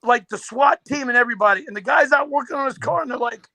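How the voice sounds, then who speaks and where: A man co-hosting from his bedroom at home, telling crude stories in an animated way. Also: extremely high pitch, fast, gravelly, no room sound. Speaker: co-host. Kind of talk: casual chat.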